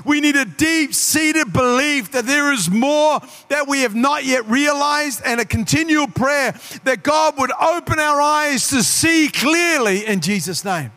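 High, bright-voiced preaching man. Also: lively intonation, measured pace, few pauses. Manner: preaching with shouted peaks and acted asides. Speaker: pastor. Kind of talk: sermon.

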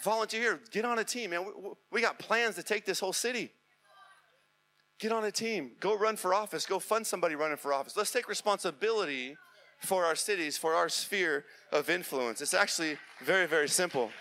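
A middle-aged male pastor preaching a sermon with urgent, repetitive exhortation that builds to impassioned near-shouting. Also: high-pitched, a little fast.

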